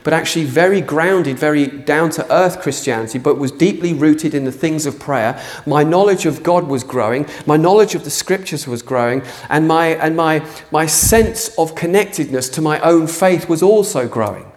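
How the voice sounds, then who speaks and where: A man preaching a sermon to a church congregation, passionate and earnest, sometimes rising to near shouting. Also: fairly high pitch, moderate pace, few pauses. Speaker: pastor. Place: church hall.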